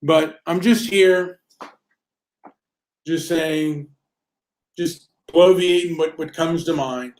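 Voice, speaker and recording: A man ranting in casual video chat, rambling with halting repetitions and frequent swearing. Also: a little high, darkish tone. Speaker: host. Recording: echoey room.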